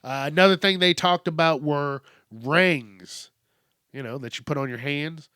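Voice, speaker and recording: A man's voice: on the high side, unhurried, sharp tone, clear, resonant tone, no echo, clean studio sound. A man hosting his own podcast, rambling casually and profanely, amused at himself. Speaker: podcast host. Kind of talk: casual solo rant.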